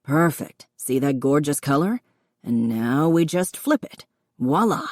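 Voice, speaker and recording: A laid-back young man talks a friend through a recipe, patient and encouraging, as a woman narrator puts him on. The voice sits low and deep. It is a dry, close audiobook read. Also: big pitch swings, a little slow, no echo, heavily acted. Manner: patient, encouraging, gently instructive. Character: easygoing young man, patient cooking teacher.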